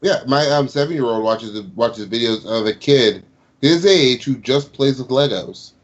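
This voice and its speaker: A man's voice: mid-range voice, moderate pace, dull audio. A man who runs a gaming channel, talking on a casual podcast, opinionated and given to casual swearing. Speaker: YouTube gaming channel host.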